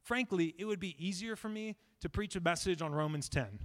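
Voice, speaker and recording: A young man preaches a sermon in a church sanctuary, his voice sitting fairly high. He is emphatic and slows down to repeat the lines he wants to land. A long reverb from the hall trails each phrase. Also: fairly bright tone. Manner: emphatic, repeats key lines slowly for weight. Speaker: pastoral resident.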